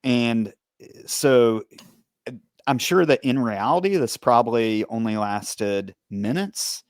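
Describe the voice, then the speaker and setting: Male host, ex-officer, even mid voice, leads the interview calmly, dead-dry studio. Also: mid-range voice, takes it slowly, no room sound. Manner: steady, leading questions, recounting events. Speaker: podcast host, former police officer. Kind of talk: conversational interview.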